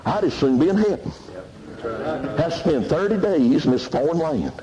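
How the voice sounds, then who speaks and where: A man preaching a fiery revival sermon in church, shouting and laughing between exclamations. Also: fairly high pitch, expressive, moderate pace, highs cut off. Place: church service with congregation. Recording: loud crowd noise in church. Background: loud congregation responding.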